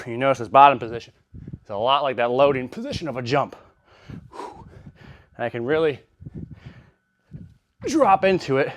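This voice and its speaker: A man's voice: medium pitch, expressive, moderate pace, pauses often, no room sound. A man in a gym, out of breath between sets, puffing as he casually explains how he uses a training machine. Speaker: fitness vlogger. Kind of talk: casual workout demonstration.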